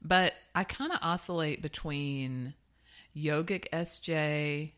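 A woman co-hosting a podcast, teasing her co-host in a playful, expressive casual chat. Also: sits low, takes it slowly.

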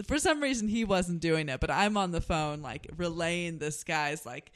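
A woman's voice: fairly low pitch, normal speed, few pauses. A woman co-hosting a podcast, telling a story in a rambling, casual way, full of "like" and acted-out quotes. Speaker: podcast co-host.

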